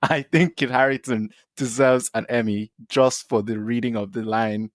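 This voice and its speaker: Animated man laughing through a recap. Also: mid-range voice, normal speed, no echo. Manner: animated, laughs often, acts out quotes. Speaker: podcast co-host. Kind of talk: casual TV recap chat.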